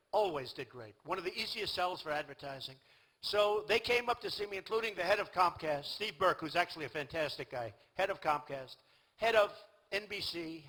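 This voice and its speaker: Boastful raspy older man at a rally. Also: high voice, bright, forceful tone, low-quality recording. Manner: boastful, rambling, repetitive. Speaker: political candidate at a rally. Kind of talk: rally speech. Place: large outdoor rally venue.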